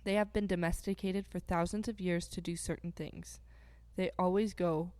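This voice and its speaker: A woman's voice: on the low side, steady tone, normal speed, a little mellow. A woman co-hosting a podcast, giving blunt, frank opinions in casual chat. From agricultural background. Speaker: podcast co-host.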